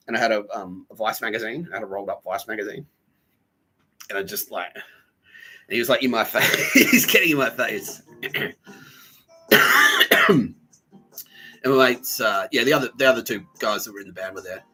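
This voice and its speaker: Rambling, profane podcast host. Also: male voice, on the low side, brisk, sharp tone, poor audio. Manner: rambling, profane, laughs mid-sentence. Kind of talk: casual storytelling monologue.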